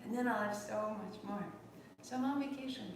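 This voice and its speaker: A woman in her forties teaching a live online yoga class from home, speaking in a gentle, reflective and heartfelt way. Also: a little high, fairly quick, noisy background. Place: home room. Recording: echoey room, distant mic.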